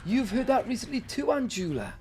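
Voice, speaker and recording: A man's voice: very high-pitched, wildly swooping pitch, brisk, darkish tone, a little hiss or hum. A man with an English accent, chatting playfully and teasing on a casual gaming stream. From England.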